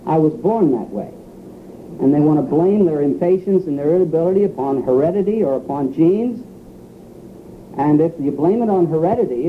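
A man preaching a sermon in an earnest, emphatic way, acting out the quotes he gives. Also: fairly high pitch. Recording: tinny phone-like radio broadcast with faint hiss.

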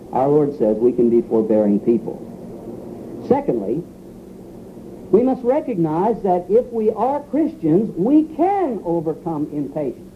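A man preaching a sermon with a slightly high voice and earnest emphasis. His voice comes through a thin, phone-like radio broadcast with a faint hiss underneath. He leans into the quoted lines, acting them out as he goes.

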